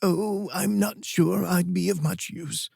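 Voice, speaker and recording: A male audiobook narrator voicing a frail, cheerful elderly queen whose mind drifts, with a soft, bright voice. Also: sits high, fairly even intonation, slow, vocal fry, husky, dry recording, clean studio sound, pitched above the performer's own voice, heavily acted. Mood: vague. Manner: cheerful and vague. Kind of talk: audiobook character voice.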